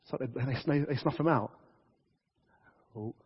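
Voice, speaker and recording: A man preaching a casual, lively sermon to a church congregation, talking conversationally with frequent restarts. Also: mid-range voice, moderate pace, husky. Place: church hall. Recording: dull reverberant church audio.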